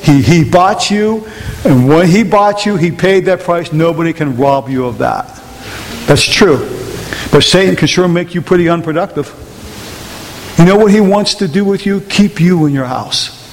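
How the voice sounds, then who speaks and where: A man preaching a sermon to a congregation, emphatic and repeating rhetorical questions. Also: a little high. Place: large room with an audience. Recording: long hall reverb, faint hiss.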